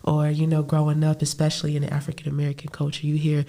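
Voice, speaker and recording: A woman, a therapist co-hosting a podcast, talking calmly and thoughtfully, often saying "you know.". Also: sits low, quick pace. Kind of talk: casual chat.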